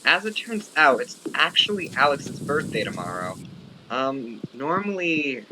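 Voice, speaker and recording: A man's voice: medium pitch, sing-song, unhurried, noisy background. A young man casually commenting on his own gameplay, chatty and rambling with many fillers. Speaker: let's play host. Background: game music.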